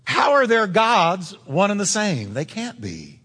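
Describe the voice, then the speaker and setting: Pastor, male, high tenor voice, emphatic sermon delivery, long echo of a church hall. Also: huge pitch swings, unhurried, bright, forceful tone, husky. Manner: emphatic, insistent preaching with direct address.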